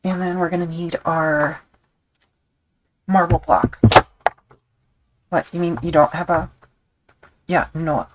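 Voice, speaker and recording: A woman with a low voice talks loosely as she works on a leather project during a live stream. She thinks aloud, wanders off on tangents and makes light fun of herself. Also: steady tone, takes it slowly, pauses often, noisy background. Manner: rambling, self-deprecating, thinks aloud with fillers. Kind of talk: casual chat while crafting on a live stream.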